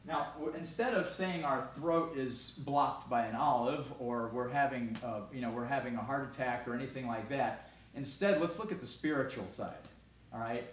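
A man preaching a sermon in a conversational way, often asking "all right?", moving between loud emphasis and quiet, close talk. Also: medium pitch, normal speed, a little hiss or hum. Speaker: pastor.

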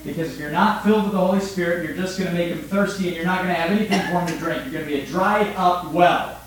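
Pitched high and moving at a quick pace, a male pastor delivers an emphatic sermon, questioning the congregation and alternating loud and quiet passages. The low-quality recording is very echoey with slight background noise.

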